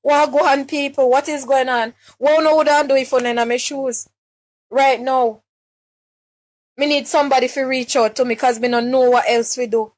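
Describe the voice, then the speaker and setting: A woman's voice: sits high, fairly even intonation. Distressed Jamaican woman pleading. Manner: distressed, halting, many restarts and repeated words. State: upset and pleading. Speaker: mother making a public appeal. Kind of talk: live-stream personal appeal.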